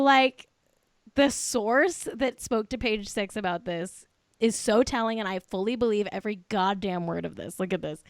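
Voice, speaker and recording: A medium-pitched woman, tipsy and giggling, hosts a podcast full of casual celebrity gossip, swearing and relishing every catty jab. The audio is studio quality, with no room sound.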